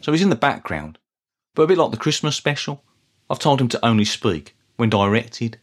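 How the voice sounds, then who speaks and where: Man, middle-aged, deadpan, earnest, plodding podcast host, mid-pitched voice. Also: moderate pace, soft background music. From Birmingham, England. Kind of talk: scripted comic monologue.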